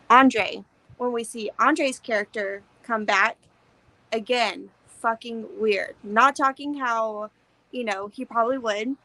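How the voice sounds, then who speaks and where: A woman's voice: a little high, gravelly, sharp tone, poor audio. A young woman co-hosting a podcast, chatting casually about a movie, swearing freely and acting out scenes. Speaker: podcast co-host.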